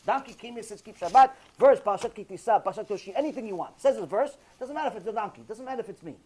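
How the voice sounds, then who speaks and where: High-voiced man preaching emphatically. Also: animated, rapid-fire, darkish tone, slightly rough. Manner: emphatic, repeats key phrases, rhetorical questions. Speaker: rabbi. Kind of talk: Torah lecture sermon.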